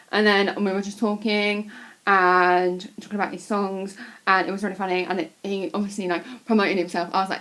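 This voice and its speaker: A young woman chatting casually to camera, swearing freely and gushing like an excited fan. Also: medium pitch, quick pace. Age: young adult. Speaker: vlogger.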